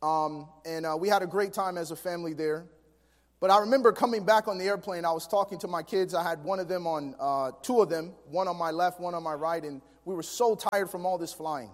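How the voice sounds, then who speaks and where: A man with a high voice delivers a sermon, swinging between quiet storytelling and emphatic preaching. His voice carries a long reverb from a large hall. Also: a little fast. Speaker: pastor.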